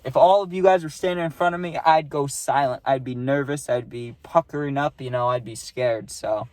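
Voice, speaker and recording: A man's voice: mid-range voice, normal speed, no echo. A young man, rambling through a casual storytime and tagging lines with "right?". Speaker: vlogger.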